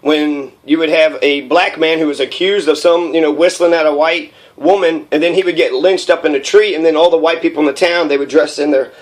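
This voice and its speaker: A man's voice: on the high side, fairly even intonation, fairly quick, few pauses. Heated, profane man, raised voice. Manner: heated, profane, rambling with many fillers. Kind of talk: profane political rant.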